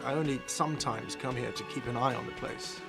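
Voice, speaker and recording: A man's voice: medium pitch, a little fast, loud music behind the voice, close to an everyday voice. A man voicing a whiny, defensive cafeteria manager in a game dub. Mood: indignant. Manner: defensive, indignant.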